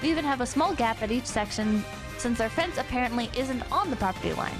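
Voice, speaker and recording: A woman's voice: fairly high pitch, quick pace. A young woman streamer with a teasing, giggly way of talking, chatting casually and reading a post aloud. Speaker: streamer host. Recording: streaming mic with music behind. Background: background music.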